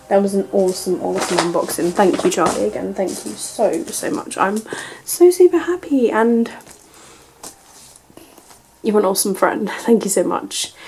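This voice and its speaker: A young British woman vlogging an unboxing and book haul, gushing and excitable, sometimes dropping to a breathy whisper of delight. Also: mid-range voice, slight background noise, rough recording.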